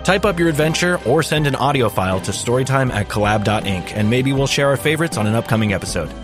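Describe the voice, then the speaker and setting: A male podcast host reads his scripted bits in a playful, comically flustered manner. His voice sits at an ordinary middle pitch. Background music plays clearly beneath him. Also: expressive, fast. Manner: mock-panicked, joking delivery. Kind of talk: scripted comedic narration. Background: music bed.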